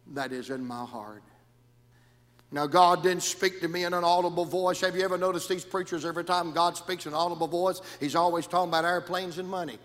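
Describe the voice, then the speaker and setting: High-voiced preacher with a swinging delivery. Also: male voice, long reverb tail. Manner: rhythmic, swinging from shouts to near whispers. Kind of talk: sermon.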